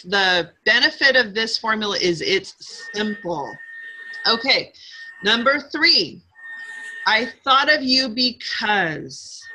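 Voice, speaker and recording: A woman's voice: medium pitch, sharp tone, slightly rough, rough recording. A middle-aged woman leading a live sales training session, upbeat and coaching, drawing call-and-response from her group.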